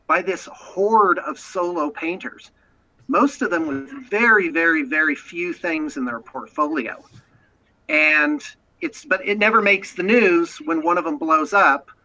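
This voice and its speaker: Bright, talkative American man. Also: high voice, rough recording. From United States. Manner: talkative, self-promoting, frequent restarts. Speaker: guest, painting studio owner. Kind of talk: casual chat.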